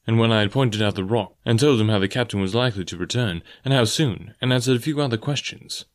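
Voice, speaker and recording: A man reading an audiobook aloud in measured first-person narration. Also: on the low side. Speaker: audiobook reader.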